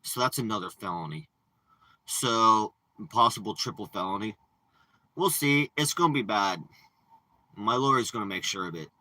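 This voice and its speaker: A man's voice: lowish voice, expressive, normal speed, pauses often, pushed and bright, low-quality recording. A man ranting and boasting in casual, profane, rambling livestream chat from inside a parked RV, talking into a phone. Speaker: live streamer.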